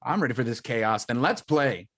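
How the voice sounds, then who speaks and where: A man's voice: medium pitch, animated, moderate pace, fairly bright tone. A man hosting a live improv comedy stream, reading out audience suggestions with plenty of ums and laughs. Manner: chatty and loose, with many ums and laughs. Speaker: improv show host.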